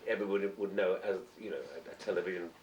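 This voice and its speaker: Male actor, animated storyteller, roomy echo, far from the mic, amateur tape. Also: rapid-fire, highs cut off, slight background noise. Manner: animated storyteller who acts out voices. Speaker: actor, interview guest. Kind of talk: anecdotal interview chat. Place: indoor fan dinner event. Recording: roomy, distant, low-quality amateur tape.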